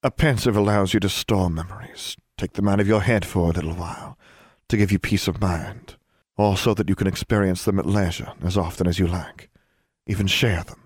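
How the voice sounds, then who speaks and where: A man reading the lines of a dignified middle-aged witch and mother, soft, wry and tender, in a low voice with a dry sound. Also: steady tone, fairly quick, husky, dry recording. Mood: gentle.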